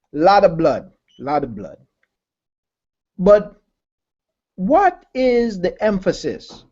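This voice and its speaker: A man's voice: high voice, warm tone, dull audio. A man preaching a sermon who repeats key phrases, asks his listeners rhetorical questions and calls them family.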